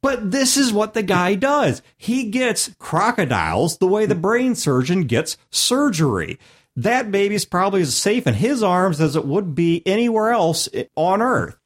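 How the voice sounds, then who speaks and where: A man's voice: sits high, big pitch swings, a little slow. A man hosting a podcast in casual chat, talking emphatically and laughing often, from Missouri. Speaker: podcast host.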